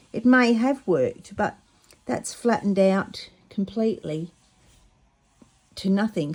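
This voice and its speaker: A woman, chatting casually and excitedly while showing a craft project, often stumbling over her words. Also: mid-range voice. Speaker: craft vlogger.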